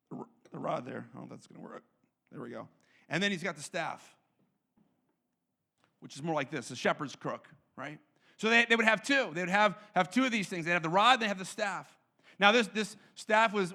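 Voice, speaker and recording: A man preaching a sermon in an animated way, acting out quotes and often repeating himself. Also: sits high, brisk, vocal fry. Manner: repeats words and restarts often. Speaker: pastor.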